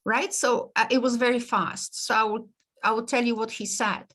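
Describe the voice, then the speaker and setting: A woman lectures her class over a video call. Her voice sits a little high, and she keeps the talk lively and conversational, laughing now and then. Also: normal speed. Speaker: teacher. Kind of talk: online lecture.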